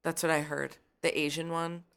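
A young woman co-hosting a podcast, chatting quickly and teasingly. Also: sits low, flat delivery, vocal fry, crowd noise. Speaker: podcast co-host. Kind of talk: casual comedic chat.

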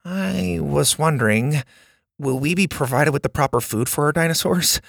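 A man's voice: a little high, creaky, a bit bright, no echo, clean studio sound, pitched above the performer's own voice. A man voicing a nervous, bookish boy who asks earnest questions. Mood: inquisitive. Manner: earnest, fast, a bit nervous.

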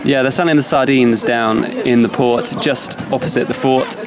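A man's voice: medium pitch, steady tone, normal speed, a crowd in the background. A young English man from Somerset co-hosting a casual travel podcast, chatting in an easygoing, jokey way while outdoors. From England, Somerset. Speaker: podcast co-host. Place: outdoors at a seaside fort.

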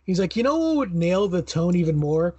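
A man's voice: high-pitched, big pitch swings, fairly quick, warm tone, muffled recording, slight background noise. A man co-hosting a podcast, chatting about a film in a laid-back, rambling way and calling his partner dude. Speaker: podcast co-host. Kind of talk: casual movie chat.

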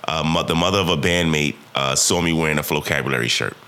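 A man's voice: extremely low pitch, fast talker. A young man in his twenties, a podcast guest, telling a story casually and with energy, acting out what people said. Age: 20s. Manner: animated, rhythmic storyteller, acts out quotes.

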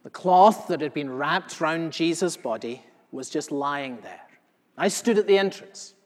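A male pastor playing the apostle John in a first-person sermon, telling what he saw with earnest feeling, moving between hushed and loud passages. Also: a little high, expressive, a little slow. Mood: confiding. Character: the elderly apostle John, solemn eyewitness. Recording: long reverb of a large hall.

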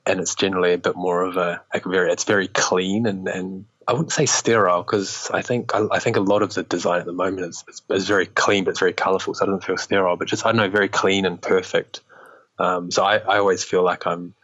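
New Zealand man, deep husky voice, rambling interview guest, slightly dull recording. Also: steady tone, fast, a bit bright. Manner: rambling, many restarts and fillers, laughs often. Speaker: animation director guest. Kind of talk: relaxed conversational interview.

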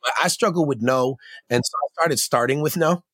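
Animated, slangy man on a podcast. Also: mid-range voice, a little fast, no room sound, clean studio sound. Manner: animated, slangy, laughs often, acts out his own voice. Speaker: podcast guest. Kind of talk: casual conversation.

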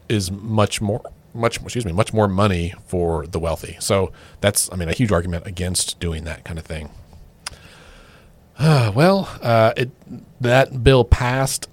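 Chatty podcast guy, lowish voice, keeps restarting his sentences. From Oklahoma. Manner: chatty, restarts phrases often. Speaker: podcast co-host. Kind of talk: casual political chat.

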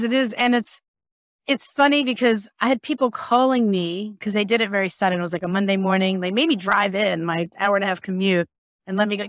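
A woman guest who works as a business mentor, telling personal stories in casual chat, in quick bursts and often laughing. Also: medium pitch, dry recording. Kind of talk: casual conversational interview.

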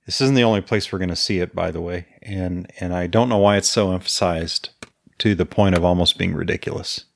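A man's voice: deep voice, fairly even intonation, brisk, creaky, slight background noise. A man co-hosting a casual book podcast, giving frank opinions with frequent hesitations. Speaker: podcast co-host.

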